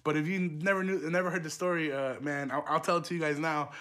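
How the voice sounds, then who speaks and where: A man's voice: a little high, fairly even intonation, quick pace, a bit bright, clear, resonant tone. A young man hosting a podcast, telling a story casually with lots of swearing and rambling asides. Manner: profane, rambling, laughing asides. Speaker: podcast host.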